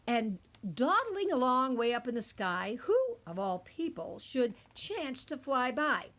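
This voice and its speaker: A woman reading a rhyming picture book aloud in an expressive, singsong way. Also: a little high, a little slow. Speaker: storybook reader.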